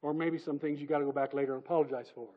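High-voiced man preaching emphatically. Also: steady tone, very fast, phone-quality sound. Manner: emphatic, swings between loud and soft, conversational asides. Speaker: pastor. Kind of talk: sermon. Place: church sanctuary.

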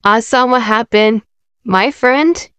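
A woman playing a kind young female friend who gently reassures someone in a casual fan roleplay. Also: on the high side, slow, smooth, dry recording. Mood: reassuring.

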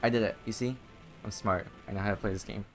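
A young gaming channel host with a lowish, steady voice gives fast, casual let's-play commentary over game music. He's often frustrated and swearing, laughing at himself as he goes.

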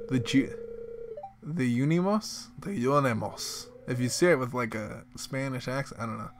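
Excitable man doing game commentary. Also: medium pitch, normal speed, noisy background. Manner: excitable, bursts into loud exclamations. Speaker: let's play host. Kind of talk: casual gameplay commentary.

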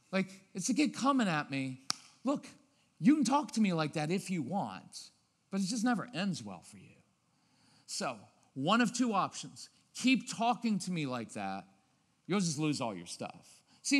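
A man giving a live parenting seminar, acting out scenes and switching between loud and quiet, low-key tones. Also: breathy edge. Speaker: parenting speaker. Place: church auditorium. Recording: long reverb of a large hall.

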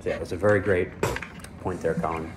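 A man's voice: low voice, steady tone, a little fast, heavy background noise. A man leading a small-group Bible lesson, speaking earnestly and unhurriedly, with fillers and restarts. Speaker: Bible study leader. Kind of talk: informal Bible teaching.

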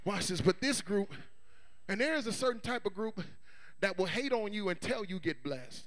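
High, gravelly fired-up preacher man. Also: animated, normal speed. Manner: fervent preaching that swings between shouting and hushed asides; call-and-response prompts to the congregation. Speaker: pastor. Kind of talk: sermon.

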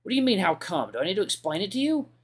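A man's voice: on the high side, sing-song, brisk, breathy edge, voice pushed up. A man voicing an obsessive young male furry character in a visual novel reading, talking in a pleading, insistent way.

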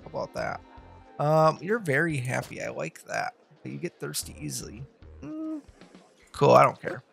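Man, casual game commentary, thinking aloud, animated, slightly high voice. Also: normal speed, gravelly, faint music behind. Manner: thinking aloud, chatting to the game's students. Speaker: let's play host.

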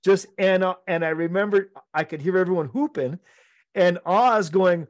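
A middle-aged man, a podcast co-host, telling an animated story among friends, laughing often and acting out the quotes. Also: high voice, moderate pace, no room sound, studio quality.

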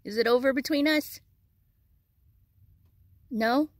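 A woman from Texas, vlogging outdoors by her van and talking to cats and cows in a high, cooing baby-talk voice with frequent laughs. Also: slow pace, no room sound, clean studio sound. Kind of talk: casual vlog talk to camera and animals. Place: outdoors by a van near a cow pasture. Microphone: handheld camera.

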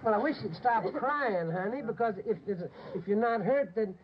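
Brief: man acting nervous dad who keeps stumbling over words, voice sits a bit high, dull old broadcast sound. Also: moderate pace, lightly acted. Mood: worried. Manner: hesitant, stumbling, repeating himself. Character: anxious, stammering father of a frightened teenage girl. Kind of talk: 1950s television drama acting. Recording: dull, faintly noisy old broadcast recording.

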